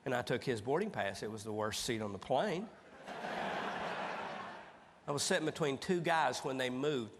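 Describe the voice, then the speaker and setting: A man, telling funny stories as a keynote speaker in a folksy, animated way. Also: mid-range voice, moderate pace, pauses often. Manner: folksy, animated, acts out dialogue. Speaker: motivational speaker. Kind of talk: humorous keynote storytelling. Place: large conference hall with audience. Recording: reverberant hall, faint background noise.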